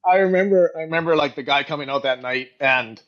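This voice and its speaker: A middle-aged man telling stories in a casual podcast interview, animated and quick to act out what others said. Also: on the high side, muffled recording. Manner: animated storyteller, acts out quoted voices, frequent "like". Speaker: guest, company co-founder and CEO.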